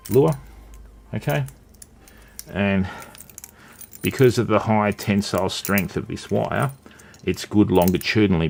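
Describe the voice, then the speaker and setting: A man's voice: fairly low pitch, gravelly, slight background noise. A man with an Australian accent hosting a casual live stream, chatting and greeting viewers while he works with his hands.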